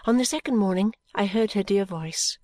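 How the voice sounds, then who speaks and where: A woman reading a novel in first person, in a measured, gentle way. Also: mid-range voice, dry recording. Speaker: audiobook narrator. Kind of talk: first-person audiobook narration.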